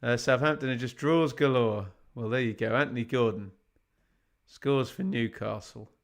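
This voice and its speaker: At normal speed and in a mid-range voice, a man hosts a live watch-along of a football match. His live fan commentary is chatty: he talks with viewers, reports scores from elsewhere and tosses rhetorical questions to the chat.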